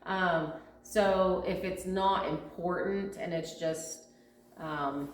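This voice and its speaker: Low-voiced woman chatting in a roomy space. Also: fairly even intonation, slow pace, slight background noise. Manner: chatty, explains at length with many fillers. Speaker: farm vlog co-host and video editor. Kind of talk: casual Q&A chat. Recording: roomy echo.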